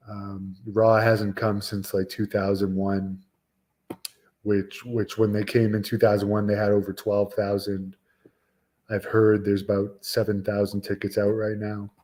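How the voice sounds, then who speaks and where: A man's voice: lowish voice, a little mellow. Chatty man in his forties, rambling. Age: 40s. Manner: rambling, chatty, with frequent fillers and restarts. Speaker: wrestling show host. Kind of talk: casual live-stream chat answering viewers.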